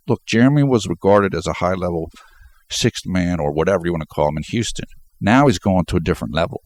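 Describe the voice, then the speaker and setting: A man's voice: low-pitched, expressive, quick pace, a little mellow. A man hosting a basketball fan channel, talking emphatically through a stuffed-up nose and repeating words as he builds his points. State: congested, stuffed up. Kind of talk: sports commentary vlog.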